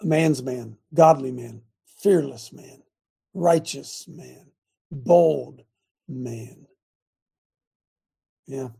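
A man hosting a Christian talk show, speaking in a fiery, provocative, preaching style with loud bursts of emphasis. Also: mid-range voice, very slow, vocal fry, long pauses, breathy edge.

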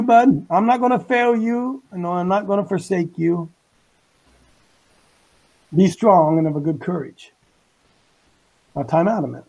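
Brief: high, husky, gravelly-voiced man leading a folksy Bible study, emphatic, slangy. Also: darkish tone, low-quality recording. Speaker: Bible teacher on a talk show.

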